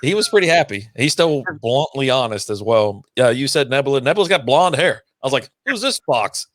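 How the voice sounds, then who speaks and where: A man co-hosting a casual reaction chat, relaxed and rambling, checking in with his co-host often. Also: medium pitch, brisk, dry recording, clean studio sound. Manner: relaxed, rambling, keeps saying you know what I mean.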